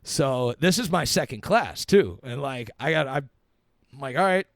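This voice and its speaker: A man's voice: medium pitch, animated, measured pace, vocal fry, no room sound, clean studio sound. A young man, a comedian and podcast guest, telling a long story in a laid-back, profane way. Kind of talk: casual storytelling.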